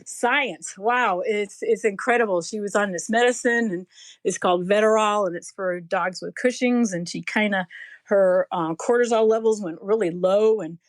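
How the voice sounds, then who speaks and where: A woman co-hosting a live pet show chats casually, warm and gushing, and laughs as she talks. Her voice is mid-range, her pace moderate, and there's no echo.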